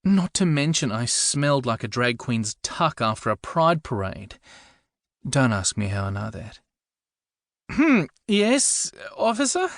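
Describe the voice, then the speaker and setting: A man's voice: on the low side, no room sound. A man reading first-person narration for an audiobook with a dry, wry comic delivery.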